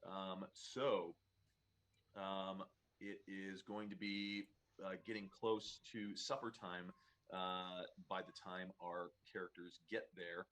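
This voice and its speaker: A man narrating as dungeon master of a tabletop game on a live stream, halting and full of uh and um fillers. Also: low voice, little pitch movement, fairly bright tone.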